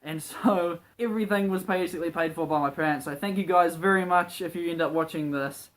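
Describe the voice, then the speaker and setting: A man's voice: fairly high pitch, brisk, a bit bright. A young man with a New Zealand accent, chatting casually and rambling in a travel vlog. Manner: chatty and rambling, with frequent fillers. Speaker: vlogger.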